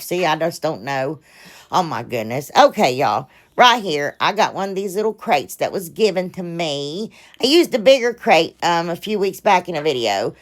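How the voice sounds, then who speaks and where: A woman hosting a DIY craft vlog, rambling chattily as she works, addressing her viewers as "y'all" and laughing at her own mistakes. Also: fairly low pitch. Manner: pleads with viewers to like and subscribe. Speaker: craft channel host.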